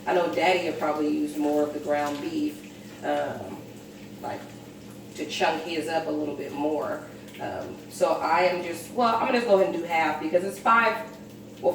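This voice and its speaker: A young woman chats her way through a cooking vlog, a little low in pitch. She stands off from the mic in an echoey kitchen. A pan sizzles clearly behind her. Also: far from the mic, noisy background. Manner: chatty, narrates while cooking, addresses viewers as y'all. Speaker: cooking vlogger. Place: home kitchen.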